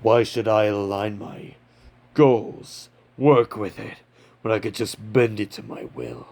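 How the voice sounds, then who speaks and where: A man voicing a menacing, haughty ancient demon king who talks slowly and coldly. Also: fairly low pitch, steady tone, gravelly, darkish tone. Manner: slow, cold, contemptuous.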